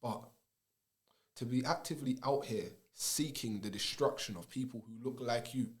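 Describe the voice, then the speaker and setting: A man speaks in a casual podcast conversation. He sits at a middle pitch and talks earnestly, working through his point in everyday street slang. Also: moderate pace.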